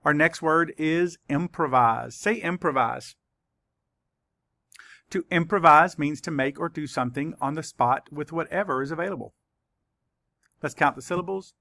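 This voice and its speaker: A man teaches a children's spelling lesson in a voice pitched a little above the usual male range. He spells words out slowly and deliberately, letter by letter. The recording is close and dry, with no room sound. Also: creaky, bright, forceful tone, no echo.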